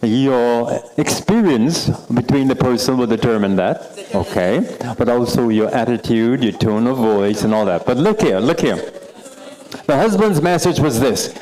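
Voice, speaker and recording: A man's voice: medium pitch, moderate pace, rough recording. A Bahamian man leads a workshop session, his voice sitting in a middle register. He teases the room and repeats key phrases to drive his points home. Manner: animated, teasing, repeats phrases for emphasis. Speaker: workshop presenter. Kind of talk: interactive workshop talk. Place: meeting room with live audience.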